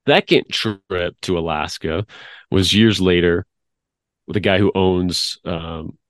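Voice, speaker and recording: A man's voice: sits low, takes it slowly, fairly bright tone, dry recording. A man in his fifties, a guest on a chat show, telling stories in a loose, rambling way and laughing often. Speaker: guest, media producer. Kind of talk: casual interview chat.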